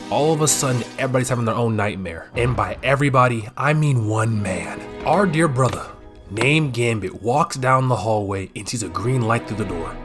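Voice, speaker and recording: Animated slangy man narrating a recap. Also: mid-range voice, moderate pace, over music. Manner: slangy, animated, swings to loud outbursts. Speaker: recap commentator. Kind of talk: comedic show recap narration.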